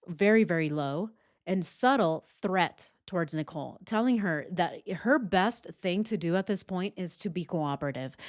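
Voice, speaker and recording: A woman with a somewhat low voice reads interview transcripts aloud and breaks in with her own commentary. She is animated and sarcastic and swears freely as she picks the statements apart. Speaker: true crime commentator.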